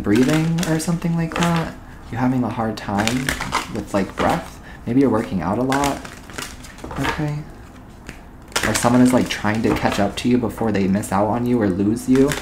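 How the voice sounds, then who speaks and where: A man's voice: on the low side, noisy background. Man giving a rambling tarot reading. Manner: rambling, intuitive, repeats "okay?" and "all right?". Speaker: tarot reader.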